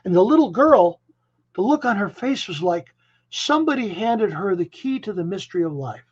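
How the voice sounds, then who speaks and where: A man in his seventies from Chicago, a musician guest telling stories in a rambling, animated way, often restarting his phrases. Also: high voice, normal speed. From Chicago, USA. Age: 70s. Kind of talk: casual interview storytelling. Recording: dull lo-fi audio.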